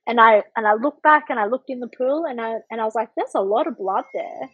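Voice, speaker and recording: A woman's voice: fairly high pitch, a little fast, slightly rough, dry recording, phone-quality sound. A woman in her thirties telling a personal story in a casual chat, acting out her own thoughts with lots of fillers. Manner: animated, vivid retelling with many fillers and acted-out thoughts. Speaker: podcast guest.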